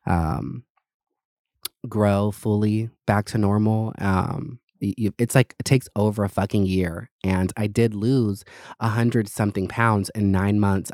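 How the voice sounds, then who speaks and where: A man's voice: on the low side, a little mellow, dry recording, studio quality. A man hosting his own podcast, chatting casually in a gossipy, sassy and profane way. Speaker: podcast host. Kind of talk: casual solo podcast chat.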